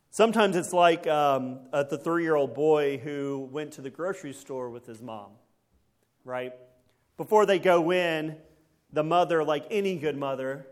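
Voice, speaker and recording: A man with a fairly high voice preaches a folksy, conversational sermon, often checking in with the congregation through quick tag questions.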